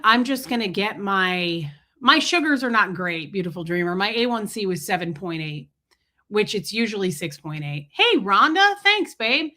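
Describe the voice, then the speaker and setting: A woman's voice: medium pitch, very animated, normal speed, pushed and bright. A woman hosting a live stream, telling a story in a casual, jokey way, acting out both sides of a talk and greeting her viewers as she goes. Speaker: livestream host.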